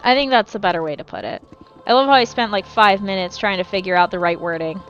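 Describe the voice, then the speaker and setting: A woman's voice: mid-range voice, quick pace, fairly bright tone, highs cut off, soft background music. A woman streaming a game and chatting casually with her viewers, rambling, swearing freely and often correcting herself mid-sentence. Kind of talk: casual live-stream chat while gaming.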